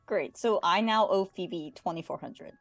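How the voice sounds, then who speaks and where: A woman player in a tabletop game, who answers in a dry, deadpan way. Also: on the low side, unhurried, soft background music. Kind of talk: casual tabletop play.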